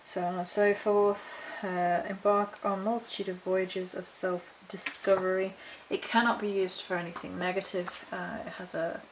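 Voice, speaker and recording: A chatty woman vlogger talks casually as she works through a haul of supplies. She rambles, corrects herself and reads short notes aloud from a book, at an ordinary middle pitch, with a faint hiss behind her. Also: level tone, moderate pace, poor audio. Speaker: witchcraft vlogger. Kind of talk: casual chat showing a haul.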